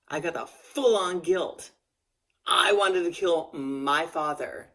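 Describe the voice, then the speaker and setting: A middle-aged woman telling a personal story in a casual vlog, candid and emotional, often restarting and trailing off mid-phrase. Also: sits low. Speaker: vlogger.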